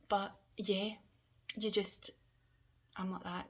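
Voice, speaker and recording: A woman talking candidly in a personal vlog, hesitant and halting, often sinking to a soft near-whisper. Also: mid-range voice, fairly even intonation, husky. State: emotional. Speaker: vlogger.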